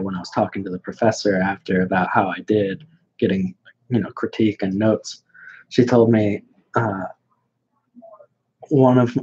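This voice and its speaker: A young man talking bluntly and mockingly in casual chat as a podcast guest, halting with many restarts, on a dull lo-fi recording. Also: fairly low pitch, darkish tone, husky. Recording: dull lo-fi sound.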